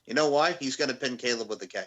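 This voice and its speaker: A man with a bright, forceful tone co-hosts a casual chat show. He talks in loud, excitable rants and swears freely. His pitch sits in the middle for a man. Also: fast. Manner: loud, excitable and profane, ranting. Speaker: podcast co-host.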